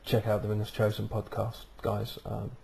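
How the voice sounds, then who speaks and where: Man, low voice, mellow tone, rambling casual vlog talk, webcam mic, faint background hum. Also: monotone, moderate pace, vocal fry. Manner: rambling, many ums and uhs. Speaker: vlog host. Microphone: webcam microphone.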